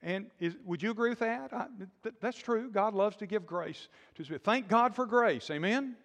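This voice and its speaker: A man preaching a sermon in a lively call-and-response style, with sudden loud bursts. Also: high-pitched, normal speed. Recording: long hall reverb.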